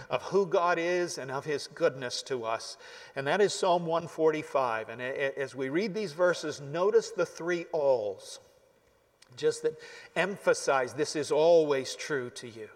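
A male pastor preaching a sermon in an earnest, emphatic way, sometimes dropping to near-whispers. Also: on the high side. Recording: long hall reverb.

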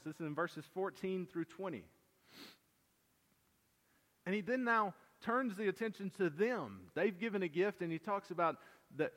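A man preaching an earnest expository sermon as pastor, moving between emphatic and hushed delivery. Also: fairly high pitch. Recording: long reverb of a large church hall.

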